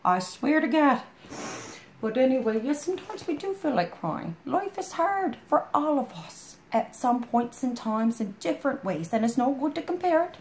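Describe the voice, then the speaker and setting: A woman reads a picture book aloud, her voice pitched fairly high and swinging up and down as she wanders into homespun asides. She talks as if to a friend sitting beside her. The room gives her voice a noticeable echo. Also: big pitch swings, normal speed, a little mellow, a little hiss or hum. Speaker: storyteller. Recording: roomy echo.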